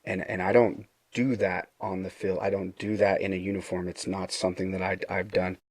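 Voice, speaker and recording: Middle-aged man, husky low voice, earnest storyteller, dry close mic. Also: little pitch movement, a little fast, no echo. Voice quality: low gravelly voice. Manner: earnest, retelling dialogue with frequent restarts. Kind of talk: casual storytelling.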